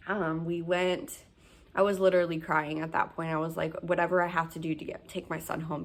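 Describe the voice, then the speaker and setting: A young woman telling her story as a new mother, rambling with many fillers. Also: on the low side. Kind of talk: casual storytelling.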